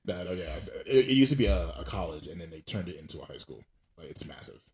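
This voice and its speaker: A man's voice: deep voice, big pitch swings, fast talker, darkish tone. A young man co-hosting a podcast, telling stories animatedly and laughing often. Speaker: podcast co-host. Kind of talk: casual chat.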